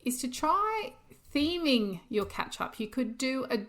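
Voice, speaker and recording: A woman's voice: high-pitched, big pitch swings, a little slow, fairly bright tone. A woman co-hosting a podcast, chatting casually and practically with frequent laughs. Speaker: podcast co-host. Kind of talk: casual chat.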